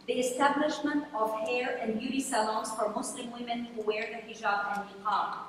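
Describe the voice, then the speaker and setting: A woman giving an academic lecture, reading from a prepared text in a measured way, recorded from a distance in a large hall. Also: a little high. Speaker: university lecturer. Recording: echoey hall, distant mic, faint noise.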